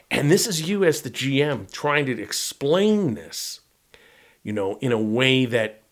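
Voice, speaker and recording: A middle-aged man who runs tabletop games walks through a game module in a casual, rambling way, often tagging his sentences with "right?". His voice is medium-pitched with a fairly bright tone.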